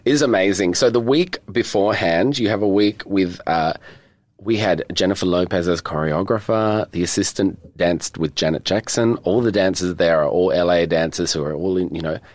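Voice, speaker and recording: An Australian man in his thirties, a guest in a casual chat, telling stories in a camp, joking, animated way. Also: low-pitched, no room sound. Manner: camp, animated storyteller, quick to joke.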